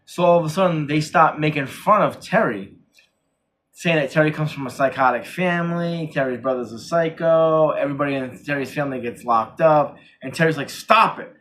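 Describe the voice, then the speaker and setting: A man's voice: on the high side, brisk, a bit bright. A man co-hosting a casual horror movie review, retelling scenes in a rambling way and acting out the characters' lines. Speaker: podcast co-host.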